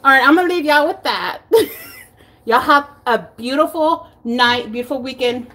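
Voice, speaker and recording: Texan lady rambling and giggling at home, kinda high voice, swears a lot. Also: normal speed, sharp tone. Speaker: vlogger. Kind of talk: casual chat. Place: home kitchen.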